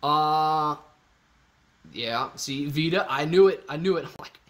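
A man hosting a casual livestream Q&A. He reads out viewer comments, gets excited, thinks aloud and repeats himself. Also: fairly high pitch, unhurried, slight background noise.

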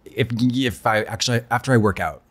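A man co-hosting a casual comedy chat, campy, with deadpan wisecracks. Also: medium pitch, fairly quick. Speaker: co-host.

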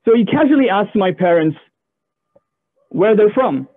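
A young man from the Gulf region performs a stand-up comedy set over a video call, speaking in a high voice at a measured pace. He's an animated storyteller who drops in playful asides. The video call audio comes through as a tinny, phone-like line.

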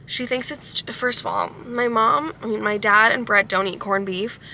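A woman's voice: fairly high pitch, steady tone, normal speed, sharp tone. A young woman vlogger chatting casually and upbeat to her viewers from a car, full of "like" fillers. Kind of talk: casual vlog chat. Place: in a car at a drive-thru. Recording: car noise in the background.

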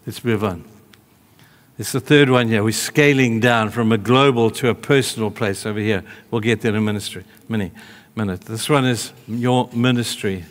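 A male preacher delivering a sermon, telling a story in an animated way, moving between hushed and raised delivery. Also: on the low side, moderate pace, long reverb tail.

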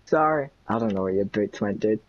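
A man's voice: on the low side, lively intonation, fairly quick. A man chatting casually while playing a game with a friend, teasing often and laughing. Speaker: gaming channel host. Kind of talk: casual gameplay chat with a friend. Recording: dull lo-fi recording.

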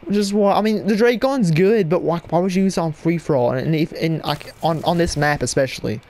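A man giving live gameplay commentary at his computer desk at home, excitable and yelling at opponents in bursts, on a cheap mic with no windscreen. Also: a little high, fairly quick. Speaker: gaming channel host. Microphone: cheap headset mic without windscreen.

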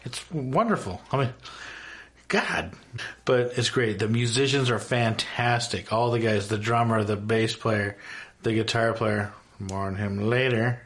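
A man's voice: on the low side, a little slow, fairly bright tone. Gushing, emphatic man ranting casually. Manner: emphatic, gushing, swears freely. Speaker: YouTuber. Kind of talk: casual enthusiastic rant.

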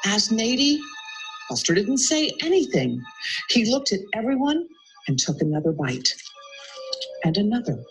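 A woman's voice: medium pitch, normal speed, long pauses, poor audio. A woman principal reads a children's picture book aloud for young pupils. Her voice rises and falls with lots of expression, and she drops in small asides. Faint music plays underneath. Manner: animated, chiming in with asides. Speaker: school principal.

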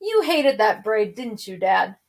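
A woman's voice: mid-range voice, sing-song, a little slow. A woman reading a novel aloud, voicing an eager, teasing ten-year-old boy in a raised voice.

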